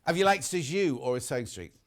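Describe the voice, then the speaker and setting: A man's voice: mid-range voice, lively intonation, fast talker, a little hiss or hum. A male TV shopping host who chats live in a studio, reads out viewer messages and jokes about himself. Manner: chatty, self-mocking, jokey. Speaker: shopping channel presenter.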